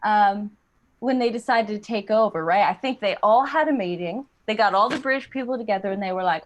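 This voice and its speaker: This young woman, a stand-up comedian, does a playful routine on a video call, dipping into silly accents now and then. Her pitch is medium, her delivery brisk, and the sound comes through a computer mic.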